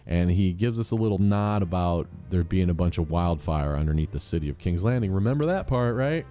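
Low, mellow-voiced man rambling through a recap. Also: lively intonation, a little fast, faint music behind. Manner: rambling, jokey, restarts often. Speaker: show host recapping episodes. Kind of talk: casual recap with mock quoted voices.

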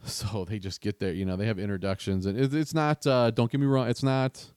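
A man's voice: lowish voice, steady tone, brisk, a little mellow, smooth, no room sound, clean studio sound. A man hosting a casual podcast, rambling and chatty, often restarting his sentences. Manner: rambling, self-interrupting, chatty. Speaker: podcast host.

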